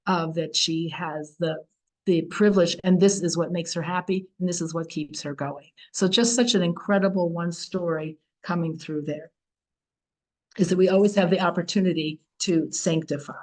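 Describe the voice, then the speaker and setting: A woman's voice: lowish voice, steady tone, moderate pace, a little mellow, low-quality recording. A woman hosting an informal weekly Torah lesson, telling stories in an earnest, conversational way with frequent fillers and restarts. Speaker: Torah teacher and host.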